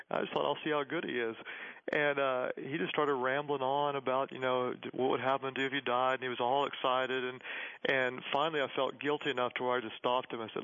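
A man's voice: medium pitch, fairly bright tone, no echo. A man in his forties, a pastor guest on a radio interview, telling stories earnestly and reflectively with many fillers. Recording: muffled radio broadcast audio.

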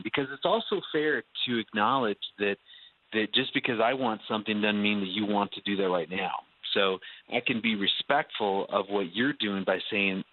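A man's voice: on the low side, moderate pace, dry recording. A man talking earnestly about his marriage, often restarting his sentences. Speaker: marriage guest. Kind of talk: casual radio talk. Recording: phone-like narrow sound.

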